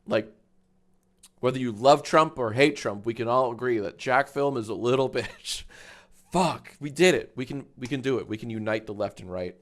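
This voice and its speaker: A man in his thirties chatting casually on a live stream, swearing freely and breaking into high laughter. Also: moderate pace.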